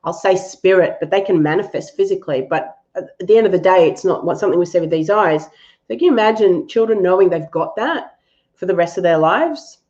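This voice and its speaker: A woman's voice: mid-range voice, a little mellow, lo-fi sound. A woman hosting a live-stream animal reading and answering viewers, affectionate and thinking aloud with fillers.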